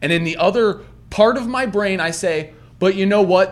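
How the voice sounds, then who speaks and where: A man co-hosting a podcast in casual chat, animated and swearing, mocking himself. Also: high-pitched, normal speed. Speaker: podcast co-host.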